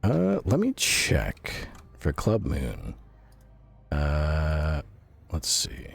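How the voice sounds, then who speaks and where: A man streaming a video game in casual chat, his voice strained and roughened from yelling, reacting aloud and answering chat. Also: extremely low pitch, wildly swooping pitch, extremely slow.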